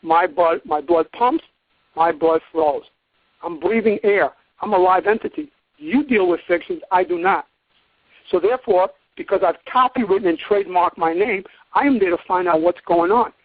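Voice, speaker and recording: Guy with a high voice preaching hard on a call-in, tinny phone sound. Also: moderate pace, dry recording. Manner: emphatic, lecturing, acts out courtroom quotes. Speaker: guest teacher on a call-in program. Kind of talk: call-in lecture. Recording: tinny dry phone line.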